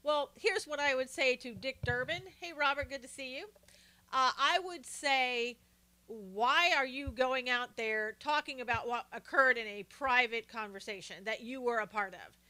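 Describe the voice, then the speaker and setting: A woman's voice: high-pitched, normal speed, sharp tone. An older woman hosting a casual political commentary livestream, chatting and greeting viewers by name as she talks. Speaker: live stream host.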